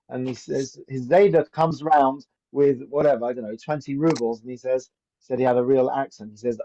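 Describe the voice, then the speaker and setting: A man's voice: medium pitch, fast talker, mellow. A man teaching an informal Torah class as a rabbi, chatty and anecdotal, often asking "right?". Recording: dull lo-fi recording.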